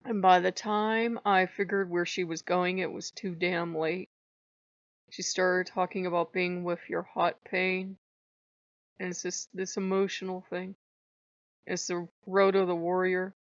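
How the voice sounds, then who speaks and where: A woman's voice: on the low side, little pitch movement, unhurried, no echo. A woman talking candidly in a personal vlog, having just cried, swearing freely and laughing as she tells it. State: after crying. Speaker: channel host. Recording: muffled dry homemade mic.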